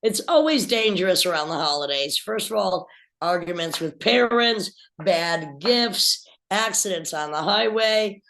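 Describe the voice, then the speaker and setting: Guy guest cracking dry jokes, bright sharp tone. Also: sits high, expressive, a little slow, vocal fry, low-quality recording. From Los Angeles. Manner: wry joking quips. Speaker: podcast guest, bassist. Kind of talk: casual chat.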